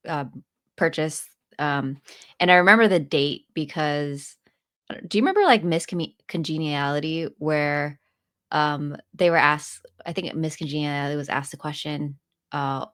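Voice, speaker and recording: Low-voiced woman telling a story. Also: measured pace, dry recording, clean studio sound. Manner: laughs often, animated retelling. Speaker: podcast co-host and landlord. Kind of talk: casual storytelling chat.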